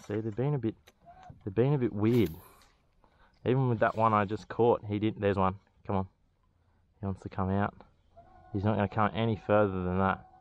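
Excitable Australian man fishing outdoors. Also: lowish voice, highs cut off. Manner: excitable, swears freely, talks to the fish. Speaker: fishing vlogger. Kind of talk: casual running commentary.

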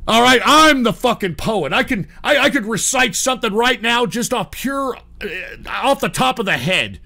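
A man hosting a call-in radio show, ranting angrily and profanely and yelling at his callers and chat. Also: extremely high pitch, sing-song, normal speed, gravelly. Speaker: radio show host and streamer.

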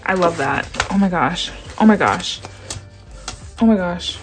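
A woman's voice: on the low side, expressive, unhurried, soft background music. Gushing young woman unboxing. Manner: gushing, gasping, repeats "oh my gosh". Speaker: vlogger. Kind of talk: excited unboxing chat.

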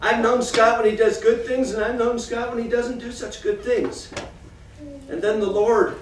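Animated man teaching kids in an echoey room. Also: very high voice, moderate pace. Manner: animated storyteller, reads scripture then talks directly to the kids. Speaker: children's church teacher. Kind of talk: Bible lesson for children. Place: church classroom. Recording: echoey room from far off, faint noise.

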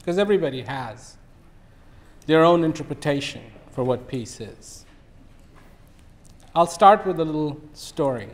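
Man, fifties, guest speaker, relaxed storyteller, slightly high voice. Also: a little slow, pauses often. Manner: relaxed storyteller, acts out animals. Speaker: invited speaker. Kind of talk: speech with storytelling.

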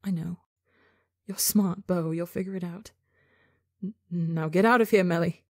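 A woman's voice: on the low side, steady tone, measured pace, darkish tone, no echo, clean studio sound. A woman voicing a loving alien mother with antennae, pleading and watery-voiced. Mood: gentle, teary.

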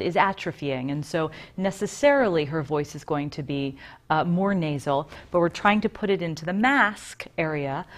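A woman voice coach giving detailed, explanatory answers in an interview. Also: fairly low pitch.

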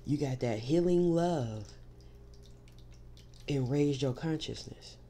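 A woman's voice: sits low, slow, mellow, a little hiss or hum. A woman doing a spiritual tarot reading, speaking straight to the listener in an emphatic, reassuring way and often starting points with "see.". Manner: emphatic, repeats "see" to drive points home; reassuring, direct address to the listener. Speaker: tarot reader.

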